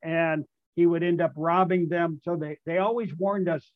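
Older male storyteller, higher-pitched, rambling and amused; dry, dull remote-call sound. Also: fairly even intonation, moderate pace, no echo. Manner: rambling, self-amused, restarts and fillers, acts out voices in quotes. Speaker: guest, retired baseball player. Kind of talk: storytelling anecdote.

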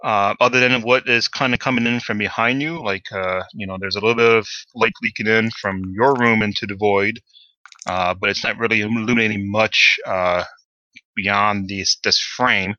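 A man's voice: lowish voice, fairly even intonation, normal speed, pushed and bright, lo-fi sound. A man narrating as game master of a tabletop game, hesitant and full of fillers.

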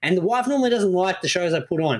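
A man co-hosting a podcast, excitable and swearing freely in casual banter. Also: high-pitched, rapid-fire. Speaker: podcast co-host.

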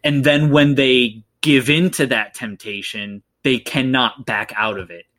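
Brief: casual male podcast co-host, rambling and filler-heavy, mid pitch. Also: steady tone, measured pace, fairly bright tone. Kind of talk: casual film discussion.

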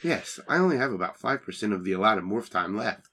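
A man's voice: fairly low pitch, expressive, fairly quick, pushed and bright, voice pushed down. A man playing a stiff, literal alien. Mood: earnest. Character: stiff, literal-minded male alien learning human ways.

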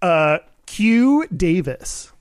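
This male podcast co-host has a high, smooth voice that is very animated yet extremely slow. Chatting casually, he rambles with lots of fillers and laughs frequently. The recording is dry and clean studio sound.

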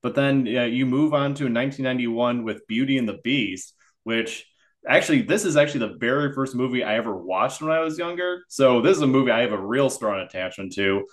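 A man hosting an interview, asking long, earnest and slightly halting questions. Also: medium pitch. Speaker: podcast host.

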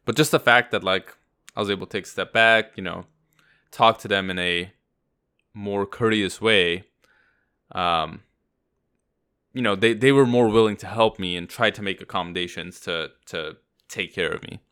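A man's voice: low-pitched, normal speed, pauses often, pushed and bright, clean tone. A man co-hosting a podcast, telling a long personal story in a rambling, casual way. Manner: rambling anecdote with acted-out quotes. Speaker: podcast co-host.

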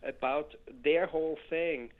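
An older man, a music producer and keyboardist, telling stories in a casual interview, rambling with restarts and growing animated. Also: on the high side, measured pace, phone-quality sound, slight background noise.

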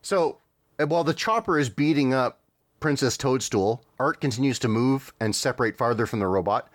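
A man's voice: mid-range voice, normal speed, no echo. Dry-sounding man, wry chat. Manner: wry, chuckling, hesitant with fillers. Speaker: podcast co-host. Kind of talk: casual chat, describing a game trailer.

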